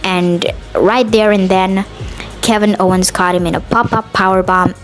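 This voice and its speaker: Woman, podcast host, casual solo recap, opinionated, chatty, uh and um fillers, mid pitch, soft music behind. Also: fairly even intonation, normal speed.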